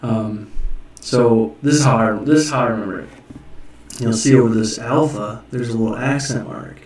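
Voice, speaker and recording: A man casually teaching himself and viewers Greek letters, rambling, correcting himself and sounding words out slowly. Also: medium pitch, a little mellow. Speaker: self-taught Greek learner teaching viewers. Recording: echoey room, mic far off, faint noise.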